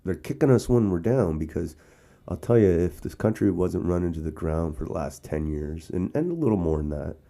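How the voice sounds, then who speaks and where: A Canadian man hosts casual political commentary outdoors or in some relaxed setting in Sarnia. His voice is low and dark with vocal fry, lively intonation and a brisk pace. He rambles, restarting often and slipping in asides.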